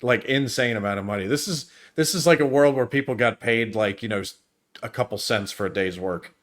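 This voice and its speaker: A man's voice: mid-range voice, fairly quick. A man co-hosting a casual movie review chat, rambling and restarting as he walks through scenes. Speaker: podcast co-host leading the review.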